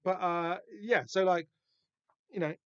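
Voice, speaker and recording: A man hosting a podcast, talking through a comic book in a rambling, halting way with lots of fillers and restarts. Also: high voice, steady tone, smooth, no room sound. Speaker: podcast host. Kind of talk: casual comic book discussion. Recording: dull, dry lo-fi podcast recording.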